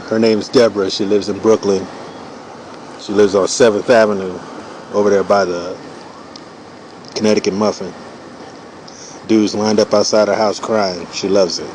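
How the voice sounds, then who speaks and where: Sketching cartoons as he talks, a man in his forties delivers a loose, profane comic riff heavy on "you know" fillers. His voice is on the low side and a little mellow, and the rough recording has some hiss or hum.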